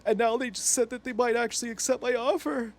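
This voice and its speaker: A man's voice: a little high, animated, normal speed. A man mimicking a big, nervous man who is close to tears, in a whiny, mocking tone.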